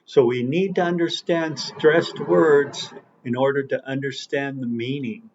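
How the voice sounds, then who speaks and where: Slow, emphatic male English teacher. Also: medium pitch, fairly even intonation, highs cut off, background noise. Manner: slow and deliberate, with emphatic stress on key words. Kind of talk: online language lesson.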